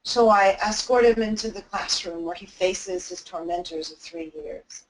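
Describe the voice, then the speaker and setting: A woman's voice: lowish voice, normal speed, a little hiss or hum, poor audio. A woman giving an anti-bullying webinar talk, telling a personal story in an earnest, heartfelt way.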